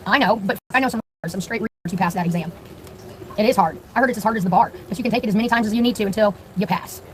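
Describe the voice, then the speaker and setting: A woman's voice: mid-range voice, rapid-fire, slight background noise, low-quality recording. A young woman live-streaming, telling a story in a blunt, profane, chatty way and talking straight to her viewers.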